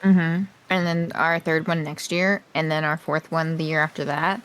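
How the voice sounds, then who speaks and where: A woman's voice: sits low, steady tone, moderate pace, fairly bright tone, clear, resonant tone. A woman streamer chatting playfully and hesitantly with a co-host, filling her talk with ums and likes. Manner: playful, hesitant, lots of fillers. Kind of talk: casual co-op game stream chat.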